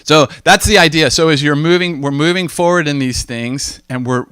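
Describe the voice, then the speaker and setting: A man's voice: on the high side, moderate pace, fairly bright tone, clean tone, no room sound. A man giving an informal teaching talk, telling stories and acting out the voices of people he quotes. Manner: conversational, storytelling, acts out quoted voices.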